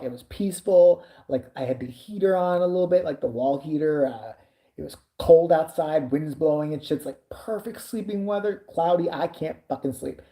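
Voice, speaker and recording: A woman's voice: low-pitched, warm tone. A woman vlogger telling a casual story with plenty of swearing, exasperated and acting out what people said. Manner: profane, exasperated, acts out quoted dialogue.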